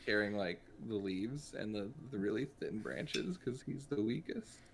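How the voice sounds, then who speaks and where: A man's voice: lowish voice, unhurried, vocal fry, a little hiss or hum. A man playing a tabletop role-playing game, talking casually and hesitantly with many ums and likes. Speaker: player.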